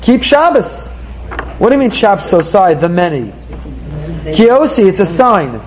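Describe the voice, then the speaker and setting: Questioning male Torah teacher, high voice. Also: sing-song, rough recording. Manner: probing, rapid-fire rhetorical questions. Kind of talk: text study class with students.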